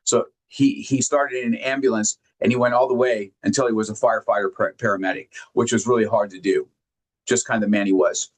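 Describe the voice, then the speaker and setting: A man giving a heartfelt motivational talk, sharing personal stories earnestly and emphatically, often halting and repeating words when moved. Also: lowish voice, fairly even intonation. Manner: emphatic, directly addresses listeners. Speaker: motivational speaker.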